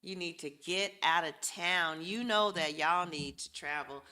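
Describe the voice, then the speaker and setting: A tarot reader, a woman with a voice on the low side, gives a casual reading at an unhurried pace. She speaks bluntly and profanely, yet addresses her viewers directly and warmly.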